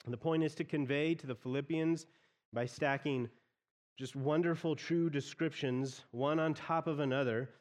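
Man preaching in a reverberant hall. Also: medium pitch. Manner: expository, repeats phrases while explaining. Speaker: pastor. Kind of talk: sermon.

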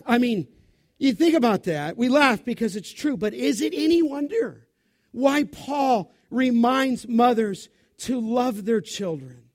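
Man, preacher, sermon, high-pitched, unhurried, expressive. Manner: animated, expressive preaching delivery.

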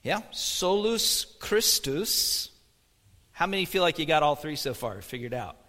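A man's voice: fairly high pitch, very animated, fast talker, a bit bright, long reverb tail. A man preaching a sermon as pastor, in a conversational manner, asking the congregation questions. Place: church sanctuary.

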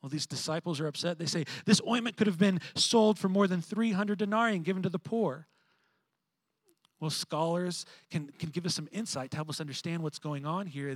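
A man preaching a sermon, moving between animated emphasis and hushed, reflective passages. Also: fairly high pitch, dry recording. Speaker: pastor.

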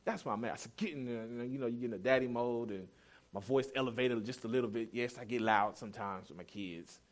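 A man's voice: mid-range voice, fast. A man in his thirties preaching a sermon as pastor, telling a family story in a candid, self-deprecating, conversational way.

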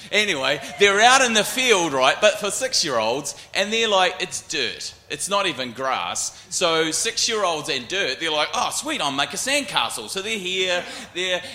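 Man, New Zealand accent, forties, panel storyteller, sharp voice, roomy echo. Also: sits high, unhurried, hardly any pauses. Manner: animated, acts out voices in anecdotes.

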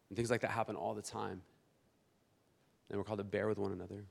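A man in his thirties preaching a sermon as a pastor, animated and conversational, acting out church members and often restarting his words. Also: fairly low pitch, fast talker, creaky, pauses often. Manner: many restarts and repeated words.

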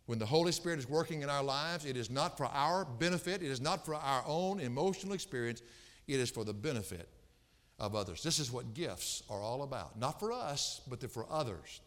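A pastor preaching an expository sermon, emphatic and repeating phrases to drive points home. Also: male voice, medium pitch, a bit bright, long reverb tail. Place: church sanctuary.

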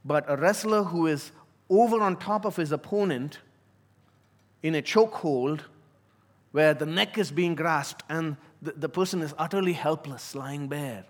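Earnest preaching man, somewhat high voice. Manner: earnest, emphatic preaching that slows on key words. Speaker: pastor. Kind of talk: sermon.

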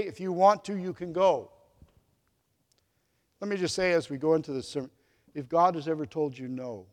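Male pastor, high voice, storytelling sermon with swings between loud and soft, long hall reverb. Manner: storytelling, acts out the quoted dialogue with big swings in loudness.

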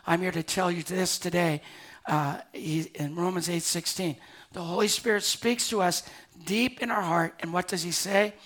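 An older man, a pastor delivering a sermon to a live congregation, moving between quiet, slowed passages and loud, urgent appeals. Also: sits high. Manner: swings from hushed to loud and urgent.

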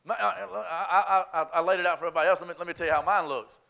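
A man with a Southern US accent preaching a sermon as pastor, moving from a hushed prayer to impassioned preaching, often repeating words as he restarts. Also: high-pitched, fairly even intonation, rapid-fire, gravelly. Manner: repetitive restarts when worked up.

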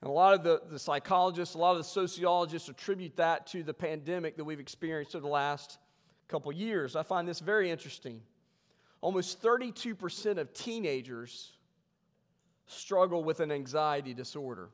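Male pastor, slightly higher voice, relaxed humorous sermon delivery, reverberant church hall. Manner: humorous, conversational preaching with slow emphatic scripture reading. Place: church sanctuary.

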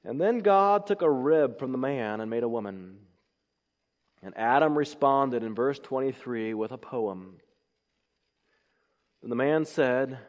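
Man preaching a sermon in a reverberant hall. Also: medium pitch. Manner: emphatic, builds to rising exclamations.

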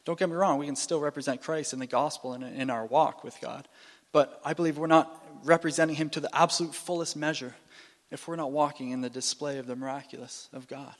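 Animated preacher in an echoing hall. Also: male voice, fairly high pitch, a little fast. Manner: animated, restarts and repeats phrases, playful asides. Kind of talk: sermon. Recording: long reverb in a hall.

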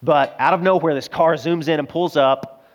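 A man's voice: a little high, steady tone, moderate pace, lo-fi sound. A middle-aged man preaching a sermon as pastor, earnest and emotional, telling stories to his congregation. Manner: earnest, emotional storytelling, addresses crowd as guys.

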